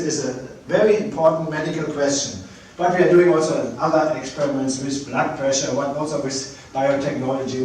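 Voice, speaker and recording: A man giving a public lecture with slides, speaking hesitantly with many pauses and restarts. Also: on the high side, a little hiss or hum. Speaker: space agency director giving a public lecture. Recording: very echoey hall, mic at a distance.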